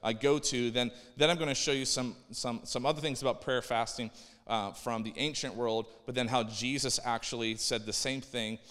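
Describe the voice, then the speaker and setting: A male pastor preaching a sermon in a relaxed, conversational way, often restarting his phrases. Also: mid-range voice, normal speed, big-room sound.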